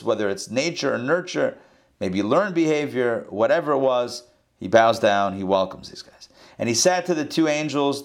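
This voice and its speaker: A man teaching a scripture class with animated delivery, rhetorical questions and playful asides. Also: medium pitch. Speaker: Bible teacher.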